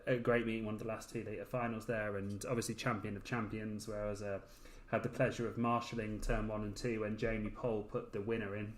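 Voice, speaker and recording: A man's voice: on the low side, little pitch movement, brisk, echoey room, low-quality recording. A man from Birmingham, a guest on a podcast, chatting casually and often restarting his phrases. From Birmingham, England.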